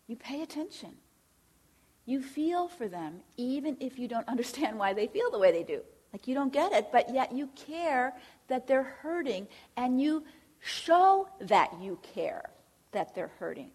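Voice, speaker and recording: A woman's voice: high-pitched, sing-song, a little slow, darkish tone, breathy edge. A middle-aged woman giving an earnest faith-based teaching talk as a Christian counselor, speaking directly and asking rhetorical questions.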